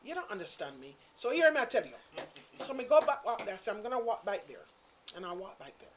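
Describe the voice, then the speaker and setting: There's a little hiss or hum as a guest storyteller recounts a tale in casual chat. She talks fast at a medium pitch in Caribbean-inflected English, animated and acting out the quotes of those in the story.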